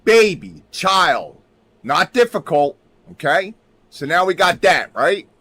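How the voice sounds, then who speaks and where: A man in a rambling livestream monologue, swinging his pitch up and down as he talks. His voice sits a little high for a man. He keeps punching lines with "right?" and sometimes drops to a mutter, with keyboard typing behind him. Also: animated, slow pace, pushed and bright, dry recording. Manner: repeats "right?" constantly, emphatic, drifts into mutters. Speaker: livestream host.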